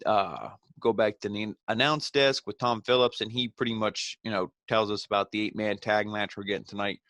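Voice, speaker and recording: A man's voice: on the low side, a bit bright, dry recording. A man giving a casual, rambling recap of a wrestling show, full of fillers and blunt opinions. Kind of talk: casual solo review recap.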